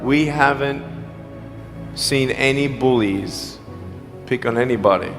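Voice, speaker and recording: A man's voice: medium pitch, takes it slowly, long reverb tail, over music. A man giving an emotional motivational speech to students, telling stories and acting out dialogue. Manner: emotional, pleading, animated storytelling with acted-out dialogue. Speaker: motivational speaker. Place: school hall or auditorium.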